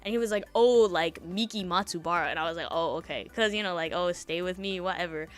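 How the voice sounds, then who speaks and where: A woman's voice: lowish voice, fast talker. A young woman streamer telling a story in casual chat, rambling with lots of fillers and laughs between thoughts.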